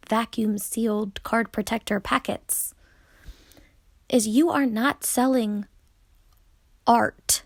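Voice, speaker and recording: A woman's voice: medium pitch, vocal fry, no room sound, studio quality. A young woman in a ranting vlog, speaking straight to the camera in an exasperated, indignant way. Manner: exasperated, indignant, direct address. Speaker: tarot YouTuber.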